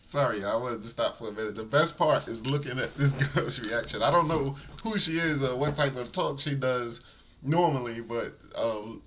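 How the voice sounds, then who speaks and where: A man's voice: mid-range voice, moderate pace, sharp tone, slight background noise. A man hosting a reaction video, chatting casually to viewers with apologetic asides.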